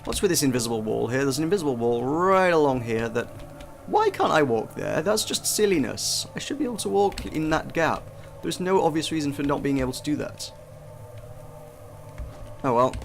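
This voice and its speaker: A man's voice: on the high side, big pitch swings, moderate pace, creaky, a little hiss or hum. Chatty man giving gameplay commentary. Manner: chatty, self-deprecating, frequent restarts. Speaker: game reviewer.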